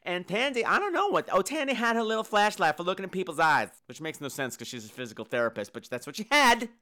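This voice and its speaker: A man's voice: high-pitched, big pitch swings, fast talker, bright, forceful tone. A man hosting a casual, comedic movie review show, full of campy, sarcastic asides. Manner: breaks into sung and squealed impressions.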